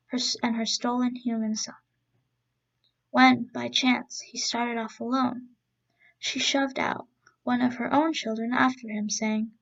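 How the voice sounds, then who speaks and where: A woman reading a traditional story aloud in slow, deliberate phrases. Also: on the high side, gravelly, highs cut off.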